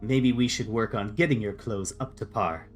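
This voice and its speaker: A man voicing a suave, fussy half-elf gentleman in his late fifties who talks in a courtly, condescending way in a tabletop game. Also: lowish voice, normal speed, faint music behind, lightly acted. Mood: smooth.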